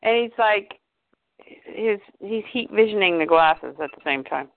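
A woman co-hosting a casual chat show, retelling a comic book story in an animated way with quick asides. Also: mid-range voice, no echo. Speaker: podcast co-host. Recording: tinny phone-like sound.

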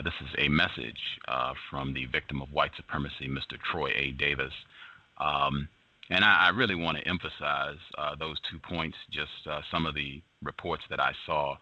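Low, forceful man hosting a radio show. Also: no room sound, muffled recording. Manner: emphatic, repeats points slowly. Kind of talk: commentary reading the news.

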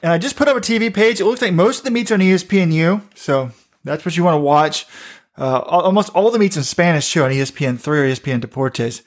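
High-pitched guy cohosting a podcast, excitable, laughs a lot. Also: quick pace. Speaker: podcast co-host. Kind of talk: casual chat.

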